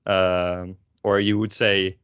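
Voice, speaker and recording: A man's voice: sits low, flat delivery, slow, fairly bright tone, clean tone, dry recording, dull audio. A young man with a Dutch accent, teaching a language lesson in a rambling way with many fillers and self-corrections. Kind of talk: online lesson. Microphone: own microphone with a pop filter.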